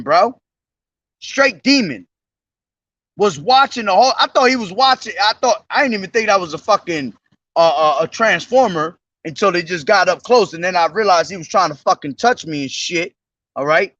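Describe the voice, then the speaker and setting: A young man preaching outdoors at a bus station, slowly declaiming scripture, then talking in slangy, profane street speech into a camera he holds himself. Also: high-pitched, animated, a bit bright, dry recording, lo-fi sound. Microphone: self-held camera.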